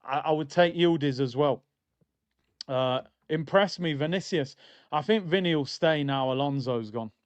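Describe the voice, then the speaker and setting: Rambling streamer, higher-pitched man, lo-fi stream sound. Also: normal speed. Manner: excitable, rambling, jokey football fan. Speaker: streamer hosting a football watchalong. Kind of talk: live fan chat, casual banter. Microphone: streaming mic. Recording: dull lo-fi stream audio.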